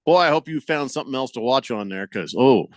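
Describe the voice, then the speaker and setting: A man's voice: medium pitch, a little fast, dry recording. A man hosting a sports radio show, chatting casually, reading listener texts and ranting in exasperation. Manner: animated, exasperated rants with mock-quoted voices.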